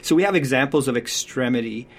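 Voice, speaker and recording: A man's voice: mid-range voice, quick pace. A man talking through parenting advice in a reflective, conversational way, often checking in with "right?".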